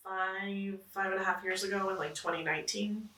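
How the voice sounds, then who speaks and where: A woman's voice: medium pitch, fairly even intonation, normal speed, pushed and bright, faint music behind. A woman, a comedy producer and stand-up comedian, giving reflective interview answers with frequent fillers and restarts. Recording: echoey room, mic at a distance.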